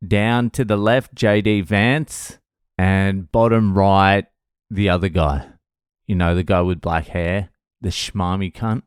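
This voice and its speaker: A middle-aged man, a comedian, tells a story to camera in a casual vlog with a sardonic, profane edge. His voice is deep and resonant, and he takes an unhurried pace. The sound is dry and close, with no room echo. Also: clear, resonant tone.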